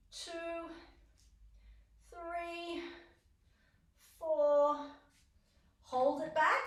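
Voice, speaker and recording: A high-voiced woman coaches a stretch class, counting reps aloud and calling out cues with steady encouragement. Her voice rings through a very echoey room, caught from a distance. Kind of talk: guided exercise class instruction. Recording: roomy echo, voice from far off.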